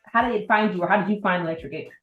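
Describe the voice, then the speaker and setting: An eager woman podcast host asks questions and reacts with bright enthusiasm. Her voice sits at a middle pitch and sounds roomy and echoey, with faint music behind her. She talks in a casual, conversational way. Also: very fast, narrow, tinny audio. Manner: enthusiastic, many "wow"s. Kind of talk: casual interview chat.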